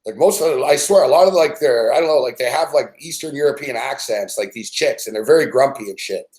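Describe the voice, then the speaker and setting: A man's voice: mid-range voice, fast, darkish tone. A man hosting a sports betting show, rambling through a casual story full of swearing and fillers. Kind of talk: casual profane storytelling rant. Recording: roomy echo.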